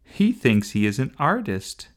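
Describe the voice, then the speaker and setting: A man's voice: mid-range voice, sing-song, a little slow, pitched above the performer's own voice. A man voicing a bossy, know-it-all young girl in a storybook reading, speaking in a lecturing manner.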